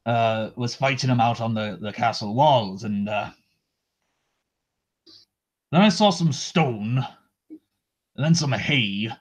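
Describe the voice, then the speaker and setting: A man voicing a brash, rude, injured male prince with a Scottish accent. He talks in a halting, crude way with many fillers. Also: mid-range voice, animated. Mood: rambling. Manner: hesitant, filler-heavy, crude. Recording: dull lo-fi recording.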